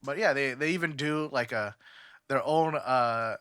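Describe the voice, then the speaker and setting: A man's voice: medium pitch, measured pace, bright, forceful tone, smooth, no echo, studio quality. A young man from California chatting on a podcast, rambling with lots of fillers and restarts. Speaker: podcast co-host. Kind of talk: casual podcast chat.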